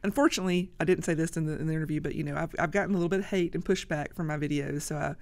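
A woman guest on a podcast, talking in a casual, halting way with many restarts. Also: sits low. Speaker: guest, social media creator. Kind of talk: casual interview talk.

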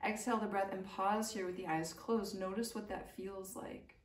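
A woman teaching a family yoga class, guiding the breathing and stretches in a calm, gentle voice. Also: medium pitch, normal speed. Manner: calm, gentle, soothing guidance with light laughs. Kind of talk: guided yoga instruction. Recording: echoey room, mic at a distance.

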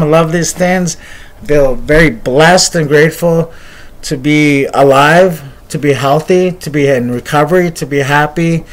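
A man earnestly telling a story in a personal video, speaking in encouraging, repeated phrases. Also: fairly high pitch. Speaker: motivational speaker.

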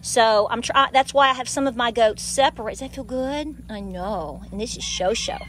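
Chatty high-voiced Appalachian farm woman. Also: wildly swooping pitch, moderate pace, slight background noise. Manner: chatty and rambling, coos softly to her animals. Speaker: homesteader. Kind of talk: casual farm vlog. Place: outdoors on a small farm among goats.

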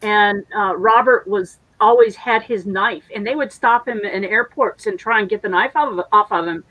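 A woman's voice: medium pitch, normal speed, fairly bright tone, no echo, low-quality recording. A woman co-hosting a casual livestream, chatty and jokey, telling stories. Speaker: co-host.

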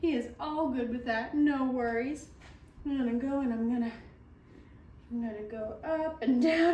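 Woman cooing at a puppy, high voice. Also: unhurried, mellow, slight background noise. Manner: cooing baby talk to the puppy, chatty. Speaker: dog breeder testing a puppy's temperament. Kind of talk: casual commentary while handling a puppy. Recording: echoey room, from a distance.

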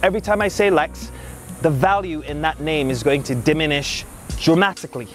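An upbeat man who trains dogs, speaking outdoors in a park with a slightly high voice. He talks casually, explaining as he goes, with a faint backing of music. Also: fairly quick, fairly bright tone. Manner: upbeat, talks to the dog in bursts between explanations. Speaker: dog trainer. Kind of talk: casual instructional vlog.

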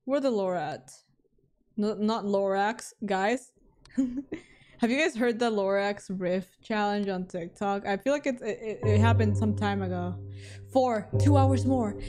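A young woman streamer talking to herself through a horror game, jumpy and pleading, then joking at her own expense. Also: mid-range voice. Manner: jumpy, talks to herself, pleading and self-mocking. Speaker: VTuber streamer.

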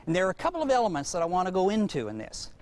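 Animated folksy male parenting speaker. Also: high voice, racing. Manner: folksy, animated storyteller who acts out voices. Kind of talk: lecture with anecdotes.

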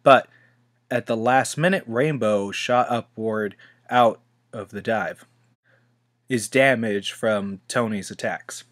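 A man narrating a storybook in an unhurried reading voice, with a few small slips. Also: lowish voice, a bit bright. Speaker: storybook reader.

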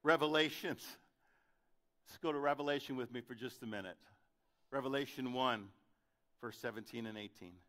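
Male pastor, bright and forceful tone, dramatic sermon delivery, loud peaks and quiet stretches. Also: moderate pace, long pauses. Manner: dramatic, swings from loud questions to soft low delivery.

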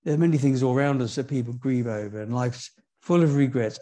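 A man preaching a sermon in a church, moving from quiet, low asides to high, emphatic lines and putting questions to the congregation. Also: fairly quick.

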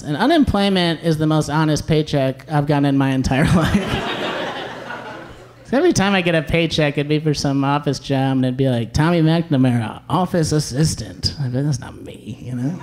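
A young man performing a stand-up comedy set, with a dry, wry delivery and quick asides, recorded live with audience laughter behind him. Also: a little high.

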